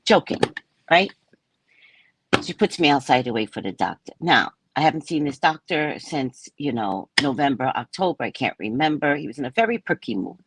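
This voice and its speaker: Brief: lively storyteller woman, husky, swings her pitch widely, slips into whispery pleading. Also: moderate pace, dry recording. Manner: animated, acts out pleading in a whispery voice. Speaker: host and psychic reader. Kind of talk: casual storytelling to a live audience.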